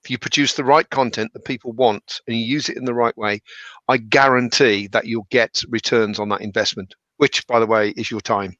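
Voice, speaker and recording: Joking Black Country dad, dull audio. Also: male voice, mid-range voice, steady tone, fairly quick, fairly bright tone, dry recording. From English Black Country. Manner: jokey, rambling, self-interrupting. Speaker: company director, dad. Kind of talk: casual chat. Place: indoor, video call.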